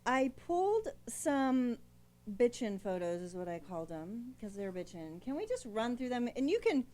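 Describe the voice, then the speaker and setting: A woman's voice: a little high, big pitch swings, normal speed, darkish tone. A woman hosting a casual talk show, bubbly and playfully crude, laughing often as she chats with her guest. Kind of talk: casual interview chat.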